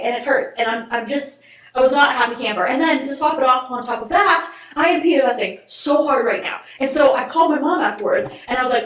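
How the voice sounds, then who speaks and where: Ranting young woman, echoey distant audio. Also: fairly high pitch. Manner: animated, exasperated ranting with frequent mild swearing. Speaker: podcast co-host. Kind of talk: casual chat, ranting. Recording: echoey, distant lo-fi remote recording.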